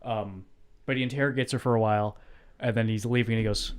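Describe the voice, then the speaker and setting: A man co-hosting a podcast, chatting about movies with dry, deadpan asides. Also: fairly low pitch, fast, smooth. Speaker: podcast co-host. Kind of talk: casual movie chat.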